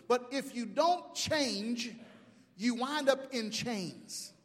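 High-voiced pastor in a reverberant hall. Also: male voice, takes it slowly. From Mobile, Alabama. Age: 50s. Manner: animated preaching, swings from shouts to hushed asides. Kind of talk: sermon.

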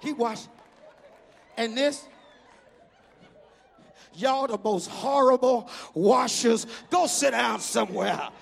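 Shouting preacher man, very high gravelly voice, big hall reverb. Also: takes it slowly, long pauses, slight background noise. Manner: shouting, rhythmic. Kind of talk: storytelling sermon.

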